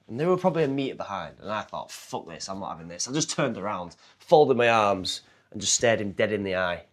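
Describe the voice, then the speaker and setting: A man's voice: on the low side, animated, fairly quick. A young man with a fighter's background, retelling a story casually and animatedly, acting out the people in it. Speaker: martial arts fighter and confidence coach.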